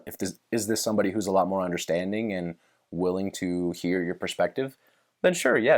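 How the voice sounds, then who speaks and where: A man's voice: low voice, a little mellow. A young man hosting a podcast in casual chat, rambling and swearing freely as he works through his thoughts and retells movie scenes. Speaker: podcast host.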